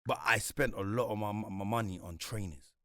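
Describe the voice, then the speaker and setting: Speaking at a moderate pace in a lowish voice, a young London-accented guest from Congo shares life stories in an informal interview. He slips into street slang and performs the quotes with animation, all recorded dry and clean in a studio setting.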